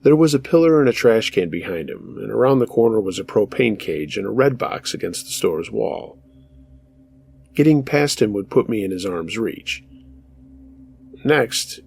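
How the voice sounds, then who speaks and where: A male host reading true scary stories aloud in scripted narration, steady and measured. His low voice has a gravelly, husky texture that gives each line a rough grain. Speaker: horror story narrator.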